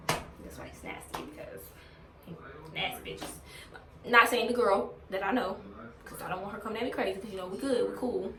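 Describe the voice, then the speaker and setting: A woman telling a storytime on her vlog in a blunt, heavily profane, venting way. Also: medium pitch. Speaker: vlogger. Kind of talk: casual storytime rant. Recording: roomy, distant from mic.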